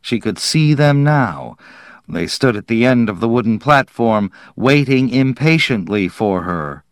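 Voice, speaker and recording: A man narrating a story in a slow, measured audiobook reading. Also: medium pitch, expressive, dry recording, clean studio sound.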